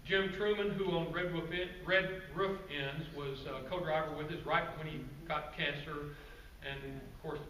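A man giving a guest-speaker presentation to a club audience, telling stories in a relaxed, conversational way with asides to the crowd. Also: on the high side, moderate pace, hardly any pauses. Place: meeting room with an audience. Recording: roomy, distant, faint background noise.

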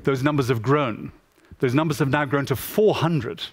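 A man giving a public talk as a photographer, telling stories in an animated way and acting out the people he quotes. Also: mid-range voice, normal speed.

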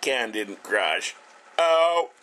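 Slow, swearing middle-aged man. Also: medium pitch, very animated, fairly bright tone. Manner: blunt, swears constantly, rambling. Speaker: vlogger. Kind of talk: casual profane ranting vlog. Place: small house, indoors.

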